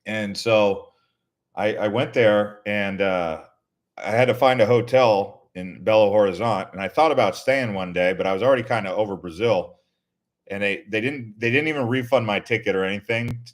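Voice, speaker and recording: A man's voice: fairly low pitch, normal speed. A man from the United States hosting a casual live stream, answering viewer questions and telling rambling travel stories with frequent restarts. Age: adult, Navy veteran.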